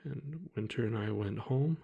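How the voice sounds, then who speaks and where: A man telling a personal story to the camera in a quiet, heavy way, halting often and restarting his sentences. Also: medium pitch, gravelly, slightly rough, phone-quality sound. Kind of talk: personal account told to camera.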